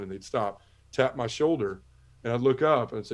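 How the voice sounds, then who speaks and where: A man's voice: mid-range voice, brisk. Earnest man with a drawl. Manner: earnest, emotional, often drops to a hushed voice. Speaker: podcast guest. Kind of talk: testimony storytelling.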